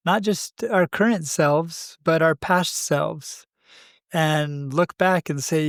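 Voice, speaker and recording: A man co-hosting a podcast, talking through spiritual ideas in a thoughtful, unhurried way with frequent pauses. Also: a little high, fairly bright tone, no room sound, clean studio sound. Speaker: podcast co-host. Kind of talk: reflective spiritual conversation.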